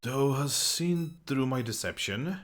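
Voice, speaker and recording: A man's voice: mid-range voice, lively intonation, slow pace. A man voicing a flustered male tavern keeper who speaks in stammering, old-fashioned formal phrases. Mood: nervous. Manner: archaic formal speech, stammering.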